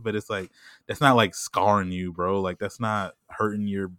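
Deep-voiced man in rambling casual chat. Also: steady tone, a bit bright, no echo. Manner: rambling, heavy "like" and "you know what I'm saying"; laughs often and puts on quick voices when quoting people.

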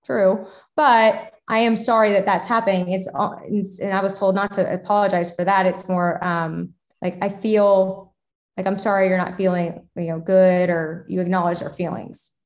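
A woman's voice: lowish voice, level tone, normal speed, darkish tone. A woman hosting an interview, talking casually about her own parenting, chatty and personal, with many fillers. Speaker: podcast host and parent.

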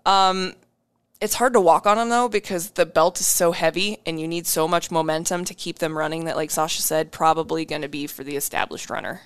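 A woman co-hosting a casual fitness chat, blunt and animated, swearing freely as she gives coaching advice. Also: sits low, brisk, clear, resonant tone.

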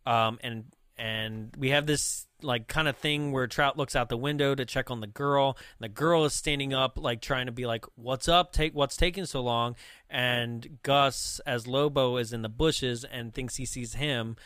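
A man's voice: mid-range voice, steady tone, normal speed, few pauses, fairly bright tone, clear, resonant tone, no echo, clean studio sound. A man in casual conversation, reviewing a film with lots of "like" and "right?", rambling along.

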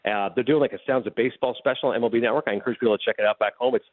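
Male radio guest on the phone, quick animated storyteller, tinny dry line. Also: medium pitch, no room sound. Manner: animated, fast anecdote telling with acted-out dialogue. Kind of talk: casual storytelling chat.

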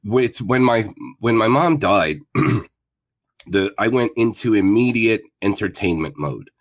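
Male guest in his fifties, deep and dry, plain-spoken candid storyteller. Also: animated, a little slow, dry recording. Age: 50s. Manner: plain-spoken, reflective, with frequent fillers.

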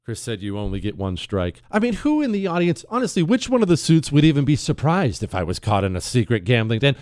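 A man hosting a talk radio show, delivering an opinionated monologue with sarcastic asides and sudden playful jumps in pitch. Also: fast, few pauses, no room sound, studio quality. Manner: sarcastic, animated, jumps to a high playful voice when joking.

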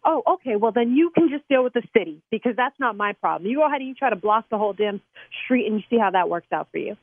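A woman's voice: on the high side, expressive, no room sound. Indignant woman on a tinny phone line. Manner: indignant, fast and defensive. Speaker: prank call target. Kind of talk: heated phone argument. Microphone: telephone.

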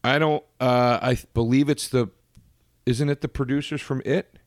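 A man co-hosting a podcast in casual chat, animated, often restarting sentences and jumping up in pitch for emphasis. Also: normal speed, no echo, clean studio sound. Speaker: podcast co-host.

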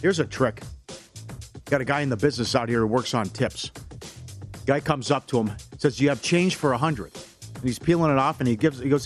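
A man hosting a casual sports talk show, his voice sitting a little high and leaping upward when a story hits its punchline. Faint music plays beneath him. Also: brisk. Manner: animated storyteller, jumps in pitch on punchlines. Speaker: sports betting show host.

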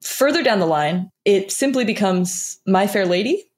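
A young woman co-hosting a podcast, recapping a film in animated, jokey, casual chat. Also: medium pitch, normal speed. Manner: animated, jokey, dramatizes scenes. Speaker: podcast co-host.

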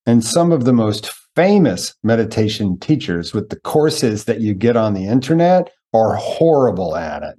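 Animated man telling stories, husky voice. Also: fairly low pitch. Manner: animated storyteller, slows down for emphasis. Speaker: podcast host. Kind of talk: conversational interview.

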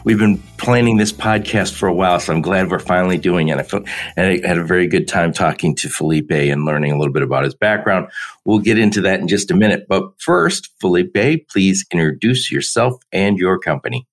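A man's voice: deep voice, a little fast. A man hosting a podcast interview in an upbeat, friendly conversational way. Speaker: podcast host.

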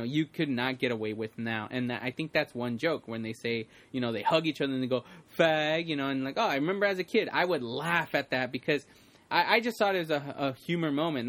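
A man with a mid-range, fairly bright voice chats casually about a movie, rambling with lots of fillers and restarts. He quotes lines in put-on voices.

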